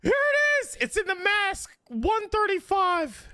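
A young man streaming a roleplay game, chatting casually and swearing excitedly. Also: very high-pitched, a little slow, no room sound, studio quality. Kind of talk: casual gaming chat.

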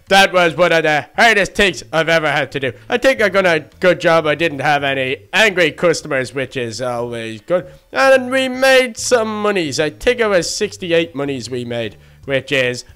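A man's voice: high-pitched, pushed and bright, clear, resonant tone. A man voicing a childlike male baby duck in a Minecraft role-play, chattering to himself and easily flustered. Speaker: fast-food worker in a game role-play.

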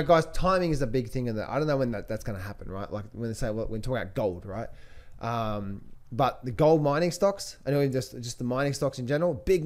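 A man hosting a stock market commentary, emphatic and repetitive, often restarting his sentences and calling out to his viewers. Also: on the high side. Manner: emphatic, repeats phrases, keeps addressing viewers as traders and guys; restless with many restarts and fillers. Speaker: trading coach and channel host.

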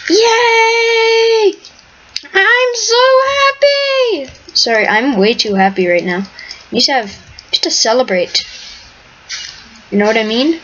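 A woman's voice: medium pitch, animated, normal speed, pauses often, fairly bright tone. A woman hosting her own game video, commenting live on play in a rambling, chatty way and sometimes dropping to a whisper. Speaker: host, gamer. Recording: dull lo-fi mic with faint hiss.

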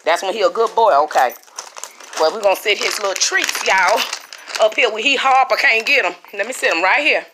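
A woman's voice: mid-range voice, fairly quick, background noise. Chatty middle-aged woman vlogging. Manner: chatty, talks to viewers as y'all. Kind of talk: casual home vlog. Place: living room at home.

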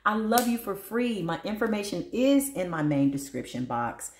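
Animated woman reading tarot, echoey room. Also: normal speed, slight background noise. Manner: animated, laughing often, big pitch swings, talks to spirit and viewers. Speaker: tarot reader.

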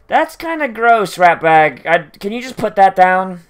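A man's voice: high voice, big pitch swings, measured pace, smooth. A man commentating his gameplay with profane, joking banter. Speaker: gameplay streamer. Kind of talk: let's play commentary.

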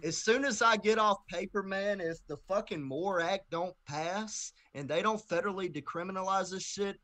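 Young guy from tennessee ranting through a story, cussing nonstop, kinda high voice. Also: moderate pace. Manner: profane, animated storytelling with heated outbursts. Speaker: guest rapper. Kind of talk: casual storytelling interview.

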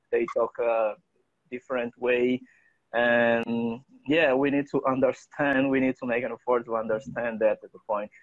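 A man, co-hosting a casual English-teaching livestream, halting and full of fillers. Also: mid-range voice, no echo, muffled recording. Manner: halting, many fillers and restarts.

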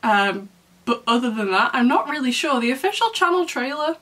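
A young woman hosting a casual reaction vlog, chatty and excitable, often laughing and shrieking. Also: high-pitched, moderate pace. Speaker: reaction video host.

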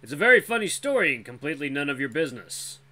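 A storyteller voicing a calm, gruff male black wolf who talks in a dry, steady, faintly menacing way. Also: mid-range voice, fast talker, voice pushed up. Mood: cool.

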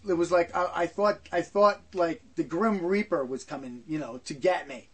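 High-voiced older man telling stories. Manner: rambling, repetitive, frequent asides. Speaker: storyteller. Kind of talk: personal storytelling.

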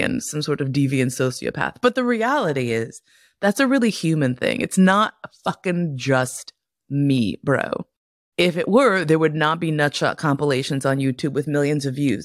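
A middle-aged woman hosts a podcast in a low voice, recorded cleanly in a studio with no room sound. She tells stories in a casual monologue, swearing freely and often breaking into laughter.

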